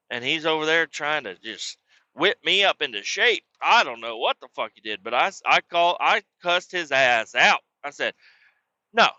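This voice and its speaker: A man's voice: fairly high pitch, no room sound. A man hosting a podcast, telling a rambling personal story in a casual, profane way. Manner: profane, rambling, animated when quoting. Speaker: podcast host. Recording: dull lo-fi recording.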